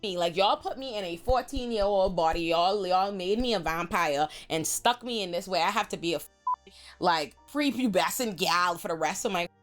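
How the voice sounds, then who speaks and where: A woman voicing a furious young girl vampire stuck in a child's body, shrill, cussing and indignant. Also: lively intonation, moderate pace, faint music behind, close to an everyday voice. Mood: outraged.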